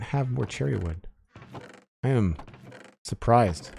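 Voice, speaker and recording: A man's voice: on the low side, moderate pace, a little hiss or hum. A man casually chatting with viewers while playing a game on a live stream, thanking followers and commenting as he goes. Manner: relaxed, chatty, reads out chat names and thanks followers.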